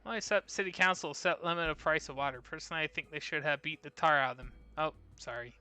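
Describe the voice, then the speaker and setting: A man's voice: a little high, quick pace, pushed and bright, smooth, soft background music. A man reading aloud the lines of a chatty, rambling woman who runs a gun shop, apologizing as she over-shares. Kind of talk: reading game dialogue aloud.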